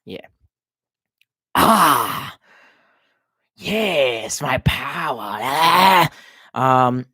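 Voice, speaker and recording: A drunk man from Baltimore rants on his stream, profane and mocking. His pitch swings widely as he jumps between yelling and low muttering. The sound is dry and close. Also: big pitch swings, slow pace, pauses often, breathy edge, no echo. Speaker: streamer reading chat. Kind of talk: casual livestream rant.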